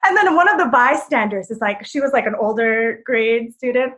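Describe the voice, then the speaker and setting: Lively young woman telling a story. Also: on the high side, moderate pace. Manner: animated, lots of "like", acts out quotes loudly. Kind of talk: personal story on stage.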